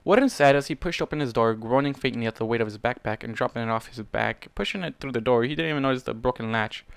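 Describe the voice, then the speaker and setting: A man's voice: mid-range voice, fast talker, creaky, clean tone, no echo. A man casually reading a pony fan story aloud, breaking off with profane, exasperated asides. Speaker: fanfiction reader.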